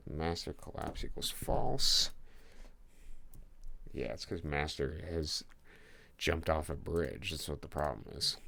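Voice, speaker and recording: A man with a very deep, gravelly voice thinks aloud in a casual, rambling way while streaming his game coding. He jokes with viewers between lines of code. A faint hiss sits under the recording. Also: fairly bright tone.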